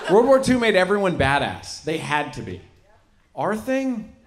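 Animated young man doing stand-up. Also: measured pace, very noisy. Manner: animated, jumps into high excited character voices. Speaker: stand-up comedian. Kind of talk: stand-up set. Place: comedy venue. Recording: loud laughing crowd.

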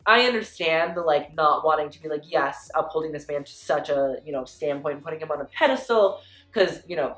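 A woman's voice: on the low side, fairly bright tone, roomy sound. A woman giving a casual fashion review, chatty and blunt, full of "like" and "you know". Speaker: fashion commentator.

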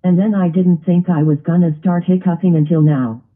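A grumpy, complaining male ogre in a homemade cartoon, voiced by a computer. The reading is flat and synthetic with a husky edge. The audio is narrow and tinny like a phone line. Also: mid-range voice, normal speed, natural voice. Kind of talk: text-to-speech grounded video.

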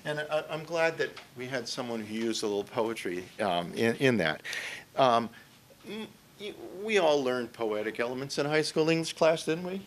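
A man's voice: medium pitch, expressive, normal speed, slight background noise. A man giving a conversational workshop talk on writing at a conference, often checking in with the audience. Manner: conversational, often ends points with "okay?". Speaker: conference speaker. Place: conference room.

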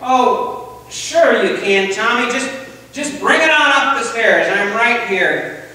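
A man voicing a tired mother who wants a quiet moment and grows irritated, in a sermon story. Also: extremely high pitch, animated, slow, voice pushed up, full character voice. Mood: weary. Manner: weary, then snappish. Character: tired exasperated mother, adult woman. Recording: echoey church hall, distant mic.

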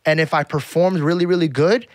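A young man, a podcast guest, telling lively stories from his childhood in casual chat, swearing often and calling people "bro". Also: on the high side, a little fast, no echo, studio quality. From grew up in Arizona. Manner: animated, swears a lot, says "bro".

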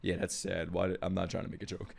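A young man reacting out loud to an anime as a streamer, loud and exclamatory, swearing freely and talking back to the screen. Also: sits low, monotone, fast talker, creaky. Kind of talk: excited anime reaction commentary.

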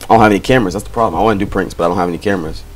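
A man's voice: sits low, racing, soft background music. A young man in a hotel room, bantering and teasing his friend in casual chat. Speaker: friend helping film.

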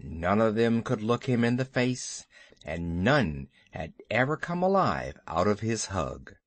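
A man narrating a classic animal story in an expressive, measured way. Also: fairly low pitch, no room sound. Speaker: audiobook narrator. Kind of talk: scripted narration.

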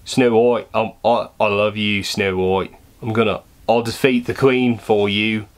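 A young man putting on a deliberately bad Australian accent to play a lovesick male huntsman hero in a home video skit. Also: on the low side, steady tone, voice pushed down, close to an everyday voice. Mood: pleading. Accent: put-on Australian, deliberately bad.

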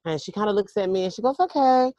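A woman co-hosting a podcast tells a rambling personal story in a lively, chatty way, often restarting her sentences. Her voice sits at a middle pitch and is recorded close on a podcast mic, dry and with no room sound. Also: rapid-fire, no echo, lo-fi sound. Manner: animated, rambling, with many restarts. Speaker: podcast co-host. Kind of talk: casual storytelling chat.

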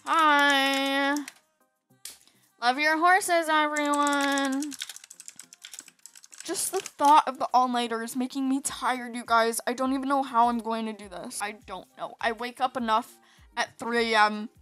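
A woman's voice: fairly high pitch, measured pace, sharp tone, soft background music. A woman chatting casually over her gameplay, rambling and giggly, sleepy from staying up. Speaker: gaming video host.

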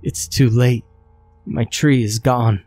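A man's voice: mid-range voice, fairly even intonation, slow pace, darkish tone, soft background music, voice pushed up. A man voicing a small, frail, dying female creature from another world in a scary story, speaking in a weak, shaky, breathless way. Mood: frail, fearful.

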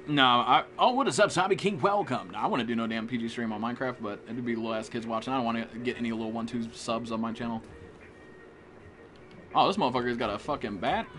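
A man's voice: medium pitch, steady tone, fast talker, slight background noise. Foul-mouthed man trash-talking while gaming. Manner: profane trash-talk, greeting chat viewers. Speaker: game streamer. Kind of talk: live gameplay commentary.

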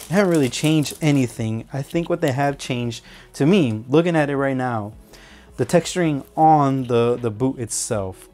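A man's voice: mid-range voice, a little mellow. Male boot reviewer, easygoing unboxing talk, hesitant and rambling. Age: adult. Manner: rambling, self-correcting, hesitant fillers.

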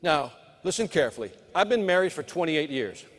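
A middle-aged man speaks from a conference stage in a high, punchy voice, firing sales advice straight at the audience. His words ring out with a long tail of reverb from the large hall. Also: animated, a little fast, noisy background. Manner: punchy motivational delivery, talks to the crowd. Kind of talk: live conference keynote.

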